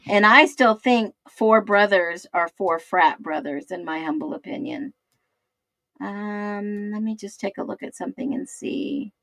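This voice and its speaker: A woman hosts a casual livestream, reading viewers' comments and musing aloud while she searches for things. She speaks slowly, in a mid-range voice. The sound is dry and close, with little room echo. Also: medium pitch, a bit bright. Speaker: livestream host.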